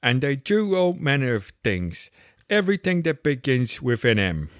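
A man's voice: medium pitch, sing-song, moderate pace, dry recording, studio quality, voice pushed up, lightly acted. A man voicing a small, sleepy, touchy male Dormouse telling a story within the storybook, with a drowsy, hesitant manner. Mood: sleepy, indignant.

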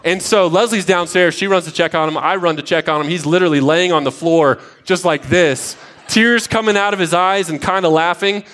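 Pastor, man, 30s, higher register, animated storyteller who builds to emphatic, repeated lines. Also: brisk. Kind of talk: sermon with personal stories.

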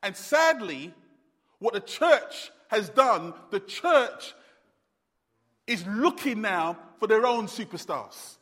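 High-voiced preacher in a reverberant hall. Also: male voice, a bit bright. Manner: emphatic, repetitive, conversational with fillers. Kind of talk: sermon.

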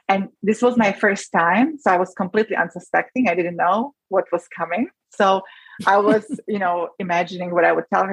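A woman with a fairly low, slightly rough voice speaks a little fast with fairly even intonation, in a dry, low-quality recording. She's a rheumatologist appearing as an interview guest, talking earnestly and emotionally and often restarting her sentences.

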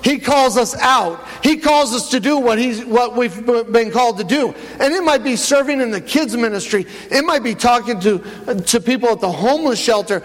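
High-voiced preaching man in echoing hall. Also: normal speed, hardly any pauses. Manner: animated, swings from loud to low. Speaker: pastor. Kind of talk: sermon. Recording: long church hall reverb.

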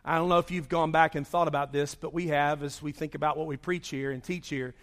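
A man's voice: fairly high pitch, a little fast. A man preaching a conversational sermon after praying, his voice a bit worn from singing. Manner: conversational, animated storytelling. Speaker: pastor. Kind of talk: sermon with opening prayer.

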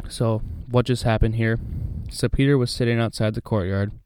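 A man reading a Bible passage aloud and then talking it over in a relaxed, chatty way with many fillers. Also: mid-range voice, moderate pace, slight background noise. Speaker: Bible study host. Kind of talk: casual Bible reading and commentary.

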